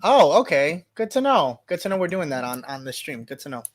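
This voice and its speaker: A man hosts a live stream from home in a casual, animated chat, stumbling and restarting as he goes. His voice sits a little high for a man. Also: brisk. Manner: animated and chatty, with frequent restarts.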